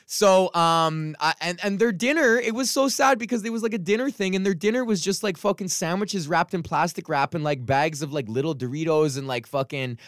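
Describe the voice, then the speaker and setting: A man's voice: high voice, a little fast, few pauses, fairly bright tone, no echo, studio quality. A man hosting his podcast, ranting casually and swearing a lot, rambling with fillers and restarts, with a lingering cough. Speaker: podcast host, stand-up comic.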